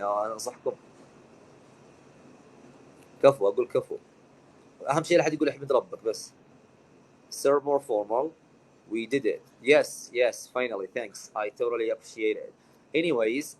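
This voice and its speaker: A man's voice: medium pitch, rough recording. A man, an Arabic speaker, hosting a live-streamed English lesson and mixing Arabic with English in an upbeat way. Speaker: English teacher and stream host.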